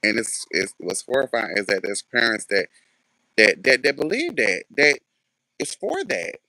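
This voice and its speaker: A man's voice: medium pitch, very animated, moderate pace, gravelly, bright, forceful tone, no echo. A man ranting casually to camera in a sassy, sarcastic way, swearing freely. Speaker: vlogger.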